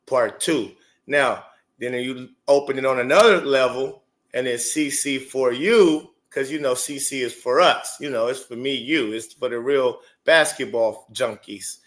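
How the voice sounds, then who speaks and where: A man hosting a casual livestream at a middle pitch. He talks in an excitable, chatty way, repeats his phrases and trips over restarts as he works through his points. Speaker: show host.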